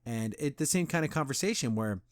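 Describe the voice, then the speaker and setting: Guy doing a chill review podcast, dry close sound, gets animated retelling scenes. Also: medium pitch, brisk, no room sound. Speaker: podcast host. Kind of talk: casual episode review.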